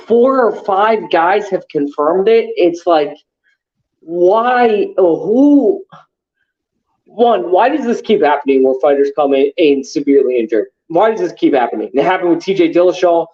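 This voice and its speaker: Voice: mid-range voice, lively intonation, a little slow, a little mellow, highs cut off. A podcast co-host in casual sports chat, ranting heatedly with lots of swearing and fillers.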